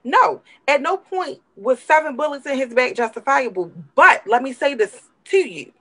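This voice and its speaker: A woman's voice: high-pitched, animated, moderate pace, sharp tone, rough recording. A woman co-hosting a talk show, giving impassioned, emphatic commentary and repeating words for emphasis while emotional.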